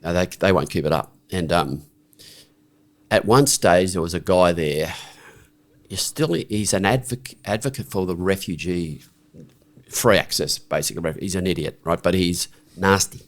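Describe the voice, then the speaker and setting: A man's voice: deep voice, normal speed. A middle-aged man, a podcast guest, telling a story frankly and bluntly, with restarts and a habit of asking "right?". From Australia. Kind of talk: conversational storytelling.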